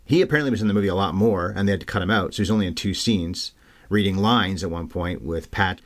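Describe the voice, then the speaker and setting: A man co-hosting a podcast, chatting casually and with energy about a film. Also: deep voice. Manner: chatty, animated, quick. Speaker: podcast co-host. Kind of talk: casual film-review chat.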